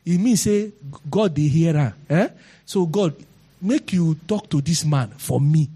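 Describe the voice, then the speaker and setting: A man's voice: fairly high pitch, expressive, unhurried, dark tone, breathy edge. A man with a Nigerian accent preaching a sermon and telling his own testimony, acting out the people he quotes.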